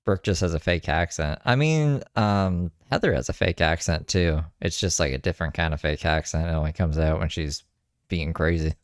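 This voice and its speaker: Low-voiced guy doing sarcastic commentary, dead dry sound. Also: normal speed, dry recording. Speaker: commentary streamer. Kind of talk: casual commentary over clips.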